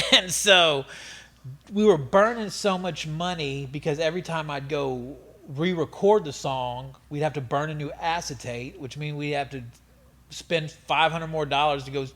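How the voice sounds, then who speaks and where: A middle-aged man telling stories as an interview guest, animated and profane, laughing often. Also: on the high side, measured pace. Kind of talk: casual storytelling interview.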